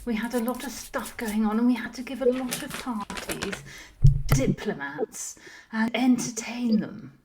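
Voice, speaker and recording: A woman's voice: on the high side, measured pace, background noise. A woman voicing a posh upper-class English lady socialite, with a put-on posh English accent, theatrical and gushing, calling everyone darling. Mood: airy. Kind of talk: improvised role-play.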